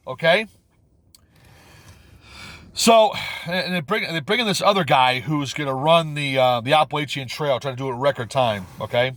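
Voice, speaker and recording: On his video channel, a man rants about a film at normal speed, his tone a bit bright and the sound free of echo. He rambles, repeats himself and stumbles over words, sounding incredulous, and his pitch jumps whenever he gets exasperated.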